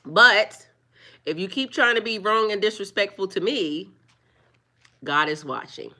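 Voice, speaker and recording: A woman talking live to her viewers, firmly scolding trolls in a preachy, drawn-out way. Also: medium pitch, bright, forceful tone. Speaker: livestreamer. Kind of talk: live-stream chat with viewers.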